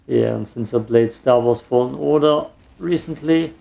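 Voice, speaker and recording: A man's voice: medium pitch, normal speed, gravelly, mellow. A man giving casual, self-mocking commentary while he plays a video game. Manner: dry, self-mocking remarks while playing. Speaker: gameplay streamer. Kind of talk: casual let's play commentary.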